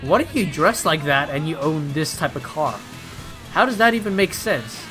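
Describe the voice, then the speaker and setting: A young man hosting casual gameplay commentary, excitable and swearing, ranting at the characters on screen. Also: fairly high pitch, normal speed, faint music behind. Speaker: gaming video host.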